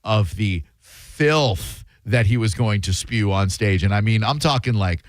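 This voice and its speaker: Male radio host, storyteller, lively delivery, dry studio sound. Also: on the low side, unhurried, dry recording. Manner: animated, does voices in his stories.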